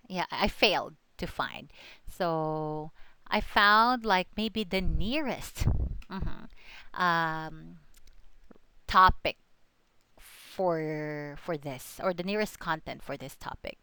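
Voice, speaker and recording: A woman teaching a lesson on word stress, speaking slowly and patiently, saying each example word twice, thinking aloud with fillers and small self-corrections. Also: fairly low pitch, sharp tone, clean tone, no room sound. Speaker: student teacher presenting a lesson.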